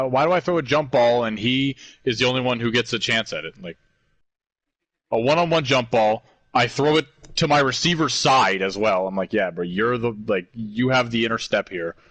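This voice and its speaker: Husky young man ranting while gaming. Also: mid-range voice, no echo. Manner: animated, profane, laughing storytelling. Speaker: gamer. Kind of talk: casual gaming chat.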